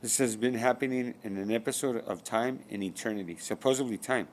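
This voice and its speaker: A man's voice: medium pitch, brisk, a little mellow, slight background noise. A man delivering a rambling spiritual monologue, firing rhetorical questions and swearing often. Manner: profane, rhetorical, repeats questions. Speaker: spiritual speaker.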